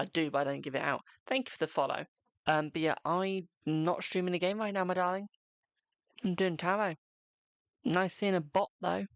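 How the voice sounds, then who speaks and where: A woman's voice: lowish voice, no echo. A woman with a British accent doing tarot readings on a casual live stream, chatting to viewers and calling them "my darling". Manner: chatty, chirpy baby talk to her dog.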